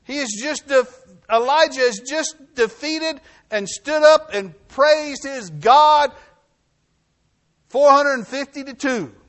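A man preaching a sermon, reading scripture aloud and then explaining it, swinging between forceful bursts and low hushed phrases. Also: slow pace. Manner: reads scripture then preaches with rising and falling intensity; drops to a low hushed voice for emphasis. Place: New Mexico.

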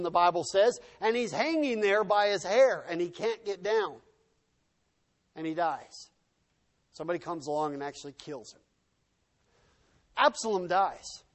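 A man preaching a sermon, retelling a story dramatically, acting out the shouts and quoted speech of the people in it and swinging from hushed to loud. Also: high voice.

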